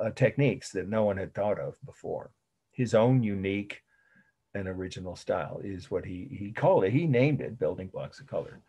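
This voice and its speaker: A low, husky male voice delivers an art history lecture at an easy classroom pace. He dictates key definitions word by word and repeats them, with frequent ums and uhs between phrases. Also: a little mellow.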